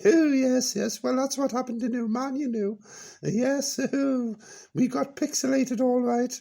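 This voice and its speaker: A man's voice: very high voice, steady tone, unhurried, vocal fry, dark tone, voice pushed up, full character voice. A man voicing a giddy, grand older woman on a comic radio show, giggling and swooping between "oh, yes" and "no, no". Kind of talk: comic radio character bit.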